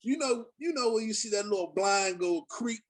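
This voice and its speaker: High-voiced man telling loose profane stories. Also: expressive, moderate pace. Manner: loose, profane storytelling with many fillers. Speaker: podcast host. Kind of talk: casual chat.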